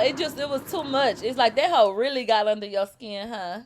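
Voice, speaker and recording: A woman in her thirties hosting a live celebrity gossip stream, reading comments aloud and reacting in a profane, animated way, from a low drawl up to sudden shrieks. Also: a little slow, a little hiss or hum.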